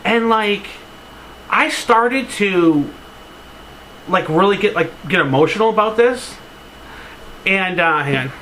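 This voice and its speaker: A man's voice: high-pitched, animated, takes it slowly, pauses often, bright, forceful tone, slight background noise, low-quality recording. A man vlogging casually, rambling through a sentimental story with lots of "like" fillers and casual swearing. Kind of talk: casual to-camera vlog.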